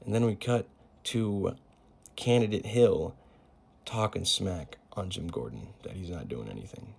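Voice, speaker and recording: A man's voice: deep voice, animated, a little slow, creaky, breathy edge. A man giving a casual, slangy recap of a comic, paraphrasing each scene in an offhand storytelling way. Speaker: comic book recap host.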